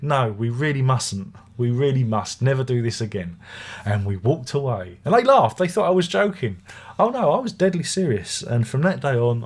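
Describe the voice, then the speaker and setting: A husky-voiced middle-aged man talks through a music review in a loose, rambling way. His chest sounds rough from being unwell, and he slips into wry, grumbling asides. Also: medium pitch. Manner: chatty, wry, grumbling anecdotes. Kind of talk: casual rambling review monologue.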